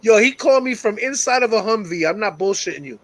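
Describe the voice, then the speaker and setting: A middle-aged man hosting a call-in talk show, telling stories in a casual, profane and animated way. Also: sits high, quick pace, low-quality recording. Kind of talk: casual storytelling chat.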